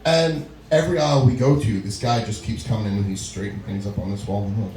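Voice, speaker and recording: A man's voice: on the low side, fast, darkish tone. A middle-aged male comedian doing a stand-up set, telling long stories, laughing at his own lines and acting out quotes. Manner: storytelling with frequent laughs and acted-out quotes. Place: small comedy venue. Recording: echoey room recording.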